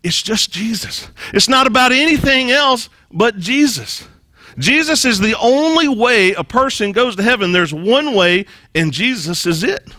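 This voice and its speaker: Pastor, male, high bright voice, emphatic sermon delivery with repeated phrases, dry close sound. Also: animated, a little slow, dry recording. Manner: emphatic preaching, repeats key phrases, leads congregation responses; frequent restarts and repeated words. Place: church.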